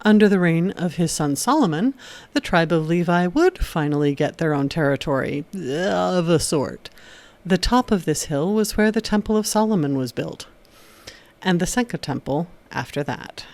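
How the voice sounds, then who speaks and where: A woman hosting an educational video, reading a scripted narration in a steady explanatory way with occasional wry asides. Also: on the low side, normal speed. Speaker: video essay host.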